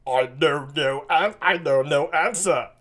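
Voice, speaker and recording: A man reading the part of an aged, wrathful king, stately and slow, swelling into loud outbursts. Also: a little high. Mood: bitter. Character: aged wrathful king disowning his daughter.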